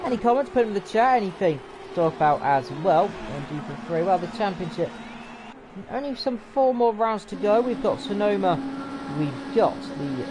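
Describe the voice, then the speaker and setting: A man calls a sim race live, chatty and often unsure, stopping to correct himself. Game car engines roar loudly behind his voice. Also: high voice, animated, normal speed, noisy background. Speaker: race commentator. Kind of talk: live sim racing commentary. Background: racing game car engines.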